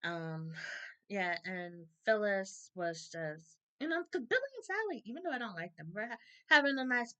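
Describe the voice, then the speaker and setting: A woman's voice: mid-range voice, expressive, normal speed, sharp tone, rough recording. A woman giving a casual, opinionated episode recap, laughing often and acting out characters' lines. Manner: chatty, opinionated, laughs often, acts out quotes. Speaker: soap opera reviewer.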